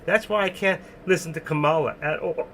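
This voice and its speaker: A man's voice: on the high side, a little fast, a bit bright, a little hiss or hum. A man with a New York accent hosting a live stream in casual chat, talking bluntly and ramblingly, often laughing.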